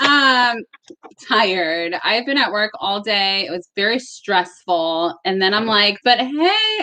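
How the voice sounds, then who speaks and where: A young woman hosting a casual tarot live stream from her bedroom, bubbly and quick to laugh, greeting viewers by name. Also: on the high side, pushed and bright, a little hiss or hum.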